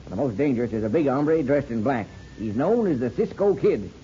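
An actor playing a sly, smooth-talking outlaw with a folksy western drawl, in a 1950s radio drama. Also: male voice, medium pitch, very animated, fairly quick, warm tone, slight background noise, lightly acted. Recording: dull lo-fi old radio broadcast.

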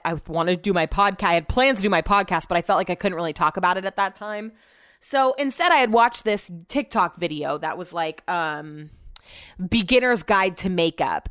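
A woman's voice: mid-range voice, fairly bright tone, clear, resonant tone, no room sound, studio quality. Chatty young woman telling a story. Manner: chatty, swears freely, acts out quoted voices. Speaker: podcast host. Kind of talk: casual storytelling.

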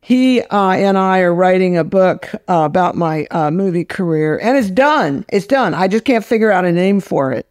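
A woman's voice: fairly low pitch, expressive, normal speed, hardly any pauses, a little mellow, no echo, clean studio sound. Older woman, film director, blunt, salty, casual storytelling. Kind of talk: casual interview chat.

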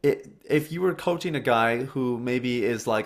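A man's voice: mid-range voice, a little slow. A man hosting an interview who thinks aloud as he builds long questions, full of restarts. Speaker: podcast host.

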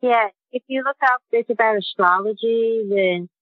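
A woman's voice: a little high, no echo. New woman calling in on a tinny line. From Queens, New York. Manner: halting, with many pauses and fillers. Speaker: caller. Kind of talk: phone call to a radio show.

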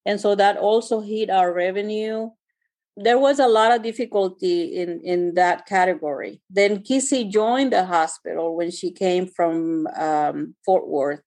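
A woman physician answering interview questions in a conversational way, pausing often and searching for words. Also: mid-range voice, darkish tone. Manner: hesitant, searching for words with many fillers. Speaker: physician guest.

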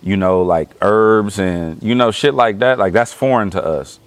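Guest spot: low-pitched man, casual storyteller, swears freely, plays out his reactions, dry close sound. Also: moderate pace, no echo. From Los Angeles, California. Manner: animated, profane, acts out his own reactions. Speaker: interview guest.

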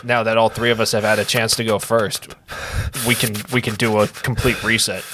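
A man's voice: on the low side, level tone, pushed and bright, slight background noise. A man co-hosting a casual podcast chat who often restarts and repeats his words. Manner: halting, repeats words while talking. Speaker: podcast co-host.

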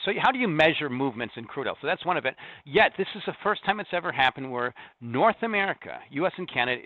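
A middle-aged man talks through market figures in rapid bursts, often restarting his sentences. His voice comes over a thin, phone-like line with a dry sound and no room around it. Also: medium pitch, no echo. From US Corn Belt. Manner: fast, data-heavy, restarts mid-sentence. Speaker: commodity strategist guest. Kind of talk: market interview.

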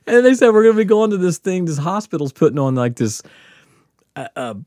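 A man from the Mississippi coast telling a wild story on a podcast, animated, profane and laughing often. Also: a little high, fairly quick, dry recording, studio quality. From Mississippi Gulf Coast. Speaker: podcast guest. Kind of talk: casual storytelling.

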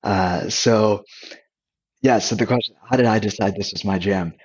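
A man talking candidly and casually as a podcast guest, relaxed and full of restarts. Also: on the low side, normal speed, husky. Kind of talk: casual conversational storytelling.

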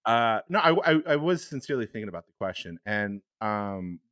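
A man's voice: fairly low pitch, very animated, a little fast, a bit bright, clean tone, no room sound. Man musing casually, dry close sound. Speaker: podcast co-host. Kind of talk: casual improv podcast chat.

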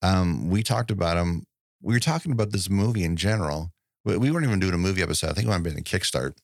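A man's voice: low voice, fast talker, vocal fry, no room sound, clean studio sound. A man co-hosting a casual movie podcast, rambling and laughing often as he talks. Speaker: podcast co-host.

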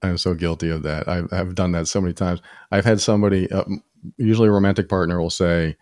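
A man co-hosting a casual podcast, telling personal stories in an animated way and acting out the people he quotes. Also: quick pace, no echo, studio quality. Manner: animated storytelling, acts out quoted people with sudden high pitch jumps. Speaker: podcast co-host. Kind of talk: casual conversation.

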